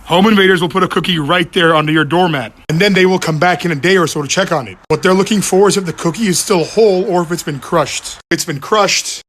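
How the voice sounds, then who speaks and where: A man's voice: sits high, fast talker, few pauses, fairly bright tone. A man giving an earnest, urgent safety warning. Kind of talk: warning tip video.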